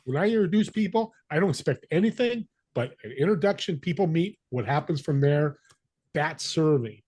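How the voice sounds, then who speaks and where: Older man, husky and slightly high-pitched, animated interview guest. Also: moderate pace. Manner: energetic storyteller, acts out quoted voices. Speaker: podcast guest. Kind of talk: conversational interview.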